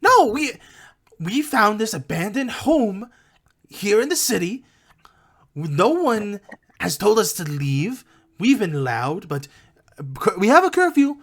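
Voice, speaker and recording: A game master putting on a pinched, high goblin voice, stubborn and indignant about protecting his home. The pitch sits well above normal talk and stays loud and insistent. It is a stubborn little creature from a homemade tabletop session. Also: very animated, slow pace, pauses often, exaggerated voice. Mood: defensive. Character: defensive goblin squatter guarding his home.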